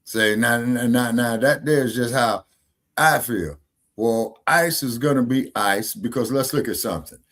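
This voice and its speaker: A man's voice: mid-range voice, measured pace, a bit bright. A man hosting a casual podcast discussion, talking emphatically, repeating points and checking his listeners follow him. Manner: emphatic, preachy, repeats himself and asks "you see what I'm saying?". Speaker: podcast host.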